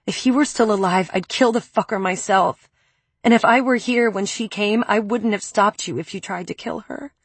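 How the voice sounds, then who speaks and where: A woman's voice: mid-range voice, moderate pace, slightly rough, no echo, lightly acted. A woman voicing a desperate, pleading young woman. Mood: fierce pleading. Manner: pleading, shouting, tender.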